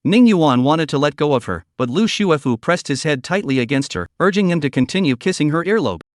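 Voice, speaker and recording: A man narrating a comic story recap in a scripted, lively storytelling manner. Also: fairly high pitch, a little fast, dry recording, clean studio sound.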